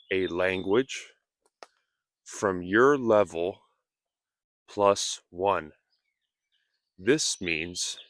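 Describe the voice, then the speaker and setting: Very slow, clear-voiced male English teacher. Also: on the low side, fairly bright tone, no room sound, studio quality. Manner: speaks in short careful phrases, modelling pronunciation. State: slightly out of breath. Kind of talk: slow, deliberate teaching speech. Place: outdoors on a nature walk.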